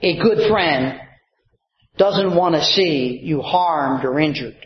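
A man's voice: on the high side, takes it slowly, roomy sound, highs cut off. A man preaching a sermon as a pastor, stretching out key words and calling for amens. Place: church sanctuary.

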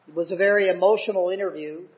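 A man's voice: high-pitched, fairly even intonation, quick pace. An older man preaching a sermon with fervent, emphatic delivery that builds to dramatic swells. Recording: dull lo-fi recording.

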